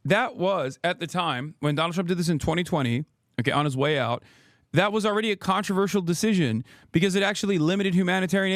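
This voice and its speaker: A man in his thirties delivers a heated political rant on a livestream, swearing freely and firing off sarcastic rhetorical questions. His voice sits high for a man. The sound is dry and close, with no room echo. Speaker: streamer, political commentator. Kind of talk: ranting livestream commentary.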